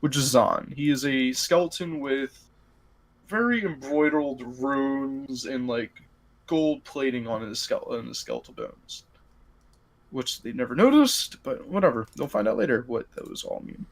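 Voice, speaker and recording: A man, the game master, casually retelling his tabletop role-playing session in an animated, rambling way. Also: mid-range voice, unhurried, creaky. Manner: rambling, animated, lots of filler and restarts.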